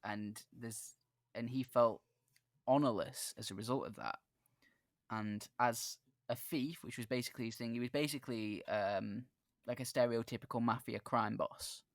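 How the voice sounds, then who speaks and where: A man's voice: mid-range voice, steady tone, moderate pace, dry recording, clean studio sound. A man hosting a casual podcast chat, an earnest storyteller who often halts and restarts his sentences while recalling a game he ran as dungeon master.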